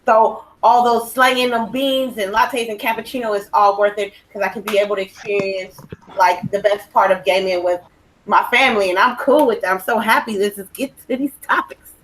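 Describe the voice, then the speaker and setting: A woman co-hosting a casual gaming podcast at a middle pitch, upbeat and chatty. Faint noise sits under her voice. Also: fairly even intonation, normal speed, poor audio. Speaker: podcast co-host.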